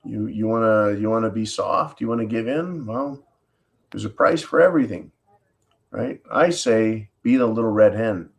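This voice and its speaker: A man's voice: lowish voice, normal speed, gravelly. A man hosting an opinion commentary monologue, sarcastic and blunt, often tossing in "right?". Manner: sarcastic, keeps asking "right?". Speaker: host.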